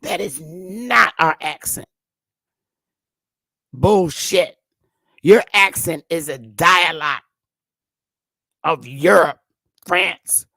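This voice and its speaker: A woman's voice: fairly low pitch, drawn-out words, pauses often, sharp tone, dry recording, studio quality. A woman host delivering an impassioned commentary monologue, blunt and emphatic, with frequent profanity.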